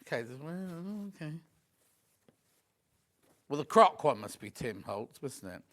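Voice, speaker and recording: High-voiced chatty male shopping presenter. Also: measured pace. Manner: chatty, excitable, chats to viewers and crew; lively and gushing over the products. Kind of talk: live TV shopping demo.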